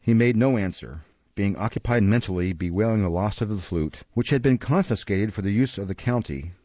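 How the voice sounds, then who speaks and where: Low, dark-voiced male audiobook narrator. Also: expressive, a little fast, no echo, highs cut off. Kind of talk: scripted narration.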